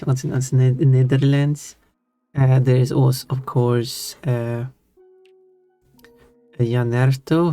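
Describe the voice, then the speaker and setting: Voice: mid-range voice, dark tone. A streamer with a Swedish accent chatting casually on a live stream, thinking aloud and answering chat. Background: faint background music.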